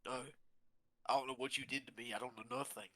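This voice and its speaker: A man's voice: mid-range voice, steady tone, quick pace, pushed and bright, a little hiss or hum. A man playing his character in a tabletop game, earnest and pleading for answers. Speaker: player. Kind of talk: in-character tabletop role-play.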